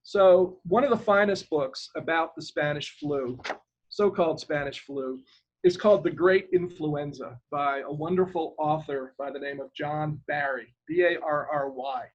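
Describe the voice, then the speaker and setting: An older Irish man, a retired government lawyer, speaks as an interview guest, rambling and hesitant, pausing now and then to spell out a name. His voice is a little high for a man, with a husky edge, and he keeps a measured pace. The sound is dull and lo-fi, like a typical video call.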